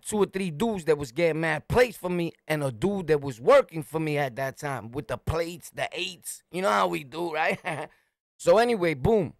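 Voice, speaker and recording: A middle-aged man from Brooklyn with a New York accent, telling a street story in a swaggering, animated way and shouting his punchlines. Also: high voice, creaky, no echo, clean studio sound. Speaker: storyteller, channel host.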